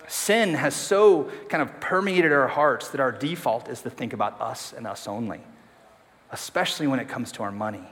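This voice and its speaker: In a church sanctuary filled with long hall reverb, a man preaches with a medium-pitched, fairly bright voice, lively intonation, and moderate pace. This pastor's sermon is casual and self-deprecating, and he puts questions to the congregation.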